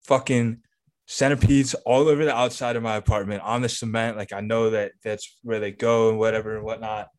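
A man's voice: fairly low pitch, flat delivery, a little fast, darkish tone. A man co-hosting a casual podcast, telling a long, rambling story full of swearing and filler words. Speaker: podcast co-host.

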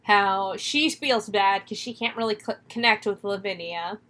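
A woman recapping a horror film in casual chat, animated, laughing often and swearing freely. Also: mid-range voice, measured pace.

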